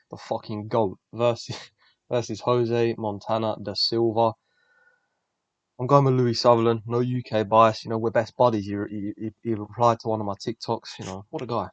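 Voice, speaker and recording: Man, young, fight-predictions host, blunt and swearing, low voice, dull lo-fi dry recording. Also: moderate pace, dry recording. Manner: blunt, profane, rambling, excitable. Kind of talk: casual solo commentary.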